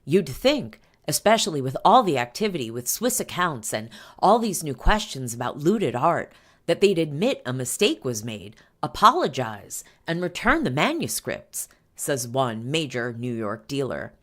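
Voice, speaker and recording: A woman with a rumbling low voice and big pitch swings hosts a podcast at a moderate pace. She reads an article aloud, breaking off between passages for chatty asides packed with fillers.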